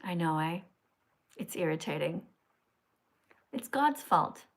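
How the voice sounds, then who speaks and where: A woman hosting a live stream in a blunt, bossy, confrontational way, with quick asides to her viewers. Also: lowish voice, lively intonation. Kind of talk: casual live-stream chat.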